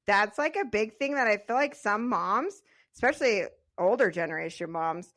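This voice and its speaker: A woman in her thirties co-hosts a podcast in a casual, chatty way, constantly dropping "like" as a filler. Her mid-range voice is expressive and fairly bright, and she talks at a moderate pace.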